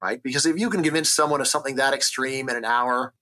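A man from the United States, an economist, explaining ideas in an energetic, argumentative interview style, often checking in with "right?". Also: medium pitch, fast talker. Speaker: economist guest. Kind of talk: conversational interview.

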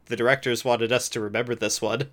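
A man co-hosts a recap show in easygoing chat. His pitch is middling and his delivery stays conversational. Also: fairly even intonation, fast, fairly bright tone, slight background noise. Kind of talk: casual chat.

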